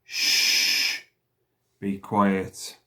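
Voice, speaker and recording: Man playing calm gentle grown man, low voice, slow soothing words.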